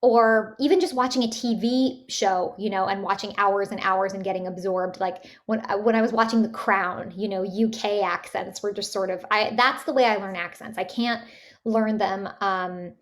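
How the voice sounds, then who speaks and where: A Canadian voice actress, appearing as an interview guest, chats casually with many fillers and restarts. Her voice sits at medium pitch, with a steady tone and moderate pace.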